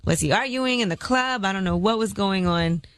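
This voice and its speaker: A woman's voice: mid-range voice, moderate pace, clear, resonant tone. Curious woman reading morning radio gossip. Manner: curious, questioning, conversational. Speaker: radio co-host, rumor reporter. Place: radio studio. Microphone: studio mic.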